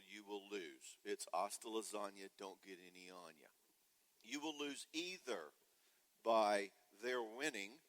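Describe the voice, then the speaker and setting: A man's voice: on the low side, low-quality recording. A man from the United States giving a humorous parenting talk at a church conference, joking and acting out kids and parents. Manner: joking, animated, does voices of kids and parents. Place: church hall.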